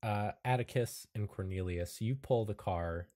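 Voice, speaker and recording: A man's voice: on the low side, a little slow, dark tone. A man narrating a tabletop game as game master, laid-back and full of fillers.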